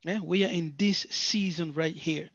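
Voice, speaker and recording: Man, slow-paced sabbath class teaching, emphatic and repetitive, dull lo-fi dry recording. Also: a little high, steady tone, no room sound. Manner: emphatic, repeats phrases, asks rhetorical questions. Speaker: religious teacher.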